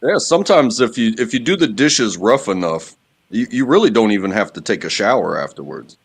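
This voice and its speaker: A man with a lowish voice who chats on a group call. He rambles through funny stories with plenty of fillers and lands dry punchlines. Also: big pitch swings, brisk, breathy edge. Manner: rambling storyteller with dry jokes. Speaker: panelist. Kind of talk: casual chat.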